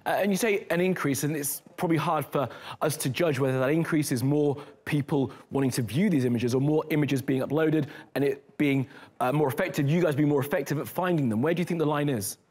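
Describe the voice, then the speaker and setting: A man's voice: on the high side, fairly quick, darkish tone. A man hosting a daily news show, moving between stories in a conversational, lightly joking way and interviewing a guest. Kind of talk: studio news presenting.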